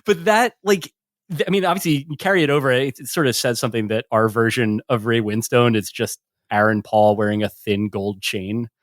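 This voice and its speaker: A man of middle pitch talks casually on a podcast, rambling and leaning on "like" as a filler. His voice is close and dry, with no room sound. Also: fairly quick, no echo. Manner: rambling, fills speech with "like", laughs while talking. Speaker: podcast panelist.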